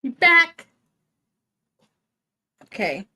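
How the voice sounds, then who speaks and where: A woman's voice: high voice, big pitch swings, extremely slow, sharp tone, breathy edge. A woman hosting a movie watch-party stream, giving casual, chatty commentary with playful slangy asides, sounding tired from an early start.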